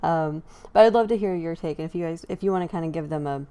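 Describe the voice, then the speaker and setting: A woman's voice: low-pitched, quick pace, mellow, clear, resonant tone. A woman hosting a casual live online chat, talking loosely with fillers and frequent laughs. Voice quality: chatty, laughing, many fillers. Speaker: host.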